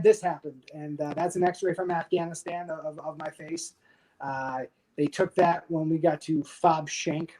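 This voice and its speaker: A man in his thirties from the United States, a podcast guest telling a war story candidly and with dark humor, swearing freely. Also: a little high, a little hiss or hum, poor audio. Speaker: podcast guest, army veteran. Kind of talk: casual storytelling interview.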